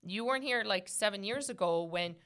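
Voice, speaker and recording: Bright, lively woman podcast host. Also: mid-range voice, fairly quick. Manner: animated, laughs often, acts out quotes. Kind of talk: casual chat.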